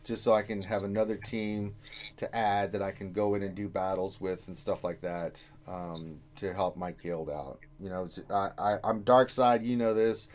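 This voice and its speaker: A man's voice: sits low, fairly even intonation, normal speed. A man in his forties, co-hosting a casual gaming live stream and giving advice in a rambling way. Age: 40s. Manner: loud bursts of laughter, rambling.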